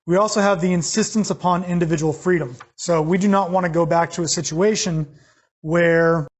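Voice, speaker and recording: American man, teacher, slightly raised pitch with a husky edge, plain lecture delivery. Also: steady tone, a little fast. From United States. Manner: plain explanatory, with fillers and restarts. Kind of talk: recorded class lecture.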